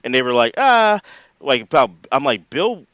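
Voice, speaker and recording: Animated male podcast co-host. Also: mid-range voice, brisk, dry recording. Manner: animated, acts out quotes, laughs often. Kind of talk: casual chat.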